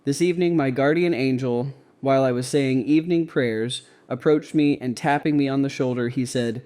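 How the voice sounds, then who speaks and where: A man reading a devotional diary aloud in first person, calm and measured. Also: mid-range voice. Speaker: narrator.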